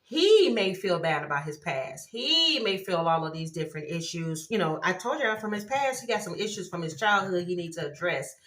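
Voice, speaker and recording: Excitable woman reading tarot cards aloud. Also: lowish voice, moderate pace, few pauses. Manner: excitable, exclaims at cards, laughs often. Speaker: tarot reader. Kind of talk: casual tarot reading to viewers.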